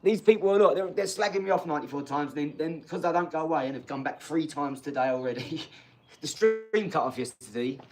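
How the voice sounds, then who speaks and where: A man's voice: a little high, animated, fairly quick, a little mellow, faint music behind. A man, chatting bluntly on a livestream and answering viewers' comments, swearing and often laughing as he talks. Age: 40s. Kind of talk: casual livestream chat.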